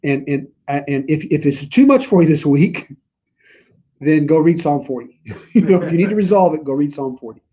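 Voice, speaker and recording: A man's voice: fairly high pitch, expressive, moderate pace, warm tone, husky. A man leading a church Bible study, reading scripture aloud and then paraphrasing it earnestly in his own words. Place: church meeting room.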